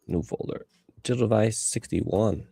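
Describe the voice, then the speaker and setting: A man in his thirties livestreams while editing photos, his lowish voice creaky, mellow and husky at a moderate pace. He rambles and muses aloud to himself as he works, giving casual commentary.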